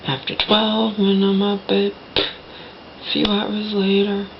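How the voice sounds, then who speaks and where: A woman's voice: mid-range voice, completely flat delivery, takes it slowly, highs cut off, noisy background. A woman talking straight to her viewers from a home, rambling with many restarts and dropping into a whisper at times. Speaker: vlogger. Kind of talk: personal vlog monologue. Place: indoors at a home.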